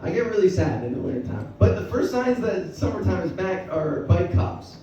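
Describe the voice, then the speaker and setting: A man's voice: sits high, sing-song, normal speed, few pauses. A man doing a stand-up set in a bar, telling stories in a loose, profane way. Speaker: stand-up comedian. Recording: echoey bar from far off with loud crowd.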